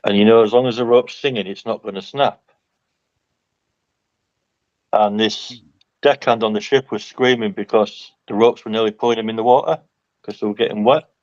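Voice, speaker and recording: A man's voice: lowish voice, steady tone, brisk, no echo. A middle-aged man who talks bluntly and plainly, chatting as a panel guest on a video call. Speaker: panel guest, ex-army dock worker. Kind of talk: casual chat on a livestream. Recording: dull, muffled call audio.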